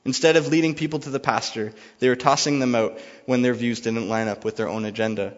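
A man's voice: mid-range voice, fairly even intonation, brisk. A man preaching a sermon, reading scripture and retelling it in a loose, conversational way. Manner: conversational, paraphrases dialogue casually. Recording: dull lo-fi sound with long reverb.

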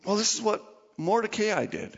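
A man, a pastor, preaching a sermon with animated storytelling and acted-out voices. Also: high voice, normal speed, vocal fry, husky, long reverb tail, lo-fi sound. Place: church.

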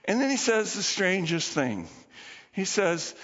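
A man preaching a sermon as pastor, telling the story in an animated way and acting out the people in it. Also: sits high, unhurried. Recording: dull lo-fi recording with long hall reverb.

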